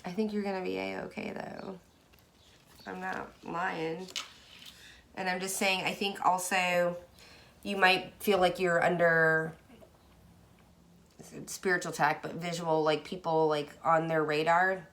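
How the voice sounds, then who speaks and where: A woman chatting casually through a tarot reading, effusive, moving from hushed asides to excited bursts. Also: fairly low pitch, a little slow, gravelly, pauses often. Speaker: tarot card reader.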